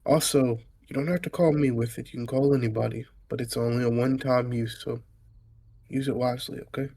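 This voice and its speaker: A man voicing a gruff protective father. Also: medium pitch, steady tone, a little fast, natural voice. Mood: hushed earnest. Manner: gruff, blunt, quietly earnest. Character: protective middle-aged father, gruff and caring.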